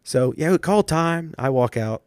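A man's voice: a little high, expressive, measured pace, no room sound, studio quality. A man co-hosting a podcast, telling coaching stories in casual chat with thoughtful restarts. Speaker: podcast co-host.

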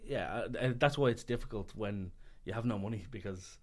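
A man with a low voice talks quickly through a relaxed conversation about his filmmaking. He rambles and restarts sentences, filling gaps with "like" and "you know". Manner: fast, rambling, lots of fillers and restarts. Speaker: filmmaker guest. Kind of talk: casual podcast conversation.

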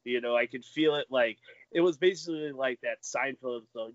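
A man telling dating stories in a casual chat, laughing often and acting out quotes in a higher voice. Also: brisk, dry recording. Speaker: podcast guest. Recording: dull lo-fi sound.

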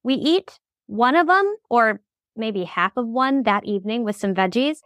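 A woman's voice: fairly high pitch, animated, normal speed, a bit bright, dry recording. A middle-aged woman co-hosting a casual chat, talking in a practical way and summing up the points.

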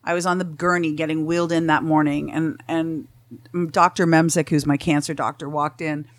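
A woman's voice: sits low, moderate pace, dry recording. A middle-aged woman, a podcast guest, telling her own stories in casual chat, blunt and profane, acting out the people she quotes. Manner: blunt, profane, animated storytelling.

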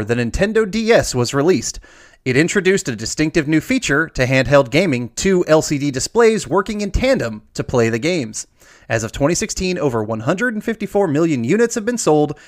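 A man hosting a trivia game, reading questions aloud and drawing out the verdicts. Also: fairly high pitch. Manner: lively, drawn-out emphasis on answers. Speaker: quiz host.

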